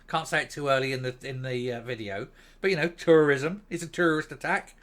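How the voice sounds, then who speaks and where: Northern irish guy doing a blunt sarcastic rant, bit of a high voice, really bouncy delivery. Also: lively intonation, a little fast, fairly bright tone. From Northern Ireland. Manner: blunt, scornful and sarcastic, with mild swearing. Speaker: host of a political commentary channel. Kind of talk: ranting opinion commentary.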